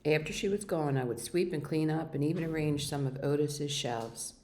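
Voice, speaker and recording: A woman reads a children's novel aloud with steady, expressive storytelling. Her voice sits low and sounds mellow and warm. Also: moderate pace, slight background noise. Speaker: reader.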